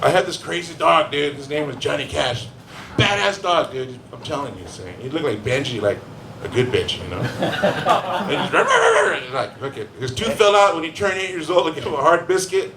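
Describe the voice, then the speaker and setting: A man's voice: fairly high pitch, a little fast, gravelly, very noisy. A man doing a stand-up comedy set, telling crude rambling stories and acting out the people in them. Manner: crude, rambling storytelling with voiced characters. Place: live comedy venue. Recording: echoey room with faint ambience.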